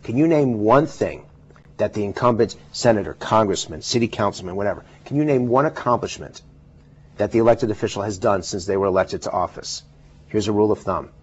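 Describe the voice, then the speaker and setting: A man with a husky voice giving emphatic, explanatory answers as a guest in a televised interview. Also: fairly low pitch, fairly quick. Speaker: political pollster guest. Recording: dull lo-fi television audio.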